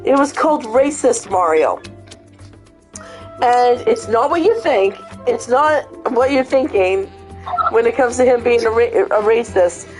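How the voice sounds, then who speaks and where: A woman chatting casually, retelling a funny video with lots of swearing and animated storytelling. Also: fairly high pitch, a little slow, soft background music, rough recording. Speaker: host. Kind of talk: casual chat.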